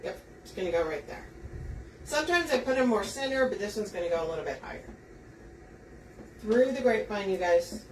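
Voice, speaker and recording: Talking viewers through every step of her wreath, this craft host keeps up a chatty live demo. She speaks fast and very animatedly at a medium pitch; the mic is distant and some faint room noise comes through.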